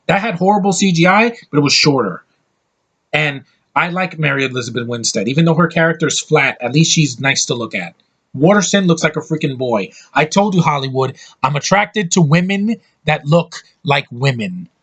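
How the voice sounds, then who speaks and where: Husky, slightly high-voiced man ranting about a film, blunt and full of swearing. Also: expressive, normal speed, a bit bright. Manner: heated, profane, blunt ranting. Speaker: online movie reviewer. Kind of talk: angry movie rant.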